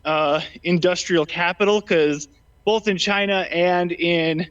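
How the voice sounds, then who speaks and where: In a relaxed political debate, a male guest talks slowly and with fairly even intonation, his high voice a bit bright and smooth. He's a touch out of breath and keeps restarting and saying um, and the sound is dull and lo-fi.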